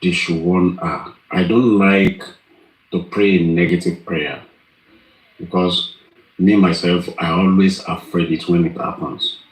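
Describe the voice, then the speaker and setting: Deep-voiced man, pleading and earnest. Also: fairly even intonation, echoey room, low-quality recording. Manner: pleading, earnest, slow and deliberate. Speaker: participant. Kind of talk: live online group talk.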